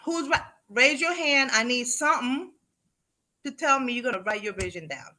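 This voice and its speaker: A woman in her fifties giving a motivational talk to a live audience, telling animated stories, acting out what people said and dropping in Spanish words. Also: a little high, normal speed. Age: 50s. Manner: animated storyteller, acts out quotes, mixes in Spanish. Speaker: real estate agent and motivational speaker.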